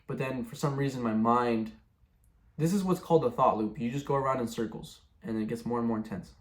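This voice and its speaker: A young man speaking at an ordinary middle pitch, telling his own story in a loose, casual way. He rambles and circles back, and fills his sentences with "like" and "bro". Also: a little fast. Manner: rambling, many fillers like "like" and "bro". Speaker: testimony speaker. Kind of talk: casual personal testimony.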